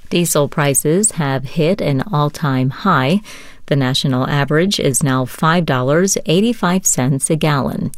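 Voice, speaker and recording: A woman newscaster reading hourly radio headlines in a measured, even delivery. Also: low voice, no room sound, studio quality.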